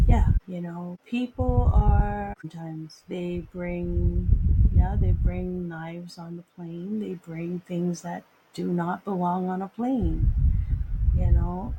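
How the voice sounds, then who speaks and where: Slow, earnest woman hosting a podcast. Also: on the low side, heavy background noise. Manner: earnest, repeats phrases for emphasis. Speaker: podcast host; airport security screener. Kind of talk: personal reflection monologue.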